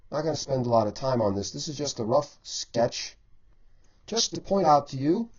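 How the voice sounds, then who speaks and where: Male art teacher demonstrating painting, measured and explanatory, middle pitch, slightly dull lo-fi recording. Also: darkish tone, husky. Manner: measured, explanatory, stretches key words for emphasis. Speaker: painting instructor. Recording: dull lo-fi voice-over.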